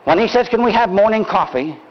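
An older man preaching a sermon, telling a story in an animated, deliberate way, heard on a dull lo-fi recording. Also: high voice. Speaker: pastor.

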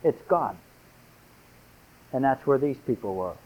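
A man's voice: mid-range voice, animated, unhurried, breathy edge. Emphatic man preaching, phone-like sound. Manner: preaching with rising, emphatic scripture readings. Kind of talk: sermon.

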